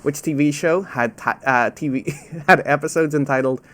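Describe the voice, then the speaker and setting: A man hosting a live online trivia quiz from home over a webcam, casual and self-deprecating, repeating each question slowly, with trouble saying "ow" sounds. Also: on the high side, fairly bright tone. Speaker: quizmaster.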